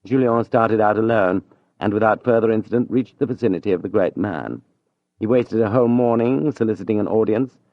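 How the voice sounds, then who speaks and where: A man narrating an audiobook in a measured, even storytelling manner. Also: lowish voice, no room sound, dull audio.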